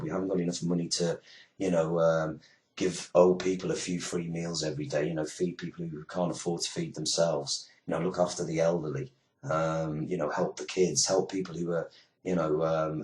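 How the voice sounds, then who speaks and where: A British man hosts an internet radio show in a loose, ranting monologue. His voice sits very low, and he wanders through fillers and sarcastic asides. He swears freely as he talks.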